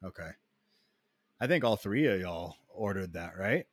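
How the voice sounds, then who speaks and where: A man co-hosting a casual podcast, talking bluntly with plenty of cursing and quick reactions. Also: deep voice, animated, no echo, studio quality. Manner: blunt, profane, short reactions. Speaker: podcast co-host. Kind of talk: casual chat.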